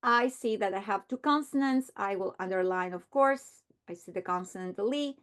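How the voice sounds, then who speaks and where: A middle-aged woman teacher modeling a reading strategy aloud, slow and deliberate, repeating words for emphasis. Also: mid-range voice, a bit bright.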